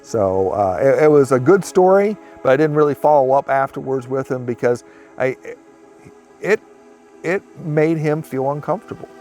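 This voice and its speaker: A man's voice: medium pitch, lively intonation, moderate pace, darkish tone, soft background music. A man in an interview rambling through a retold story and slipping into quoted speech. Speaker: interviewee recounting a sighting.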